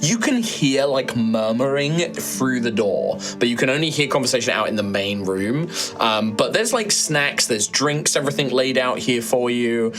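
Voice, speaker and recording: A man's voice: mid-range voice, lively intonation, normal speed, hardly any pauses, music in the background. A man narrating a tabletop game as game master, playful and chatty.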